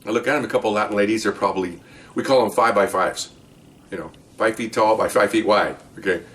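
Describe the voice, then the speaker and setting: An older man rattles off stories from his years as an undercover cop, quick and animated. He acts out the back-and-forth of each scene. His voice sits a little away from the microphone. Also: fairly low pitch. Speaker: retired undercover police officer. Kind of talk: casual storytelling of past cases. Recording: voice distant from the mic.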